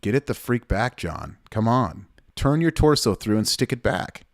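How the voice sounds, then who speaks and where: A man's voice: fairly low pitch, lively intonation, moderate pace, no room sound, soft background music. A middle-aged man, a weightlifting coach, giving blunt, fired-up casual commentary over a training video, swearing and repeating himself.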